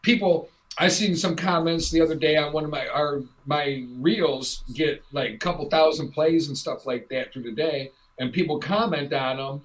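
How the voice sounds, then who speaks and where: A woman's voice: low-pitched, moderate pace, few pauses, poor audio. Transgender woman, talk-show host, blunt and fired up, lots of rhetorical questions. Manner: frank, animated, argues with rhetorical questions. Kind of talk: casual talk-show chat.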